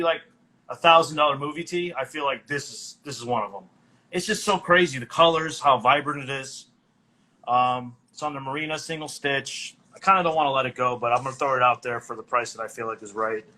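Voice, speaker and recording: A man pitching an item in a casual, easygoing way, full of admiration. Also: fairly quick, sharp tone, low-quality recording. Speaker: vendor.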